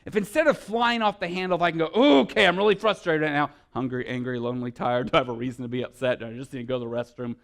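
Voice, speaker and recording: A man delivering a sermon in a fairly high voice. He drops to quiet, soft-spoken stretches, then climbs into loud, fervent preaching. His delivery is earnest and direct to the congregation. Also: fast, vocal fry, few pauses. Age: adult with children. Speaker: pastor.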